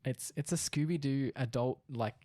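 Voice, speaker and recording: A man's voice: medium pitch, moderate pace, mellow, no room sound. A young man co-hosting a podcast, chatting casually and thinking aloud with lots of fillers. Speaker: podcast co-host. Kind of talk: casual chat.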